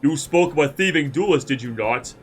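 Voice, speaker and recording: A man's voice: on the high side, expressive, fairly quick, soft background music, natural voice. A man with a cold voicing a swaggering, boastful male duelist in grand, old-fashioned speech. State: congested with a cold.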